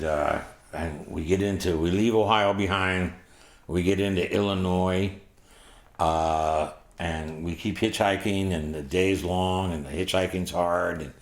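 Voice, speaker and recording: A man's voice: deep voice, reverberant. A man in his sixties telling a story from his own life in a vivid, rambling, profane way. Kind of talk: first-person storytelling.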